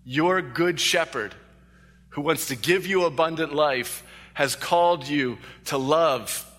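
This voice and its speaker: A man's voice: a little high, slow, fairly bright tone. A male pastor preaching a sermon, earnest and emphatic, repeating key phrases. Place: church sanctuary. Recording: long echo of a large hall.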